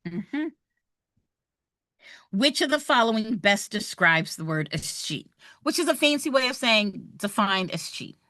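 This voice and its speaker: Lady instructor, lively and talky, crisp bright voice, dry close sound. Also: medium pitch, measured pace, dry recording. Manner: chatty, animated, talks straight to viewers. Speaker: real estate exam instructor. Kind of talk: live online exam review.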